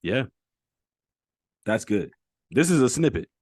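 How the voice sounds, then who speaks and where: A man's voice: medium pitch, sing-song, takes it slowly, darkish tone, slightly rough, no echo, clean studio sound. A man hosting a casual fitness check-in over a video call, encouraging and affirming his guest often. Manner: encouraging, lots of "mm-hmm" affirmations. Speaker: fitness coach and host.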